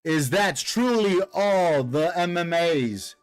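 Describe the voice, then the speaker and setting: A man reading a comic aloud voices a cold, commanding supreme ruler, imperious and measured. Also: on the high side, lively intonation, clear, resonant tone, faint music behind.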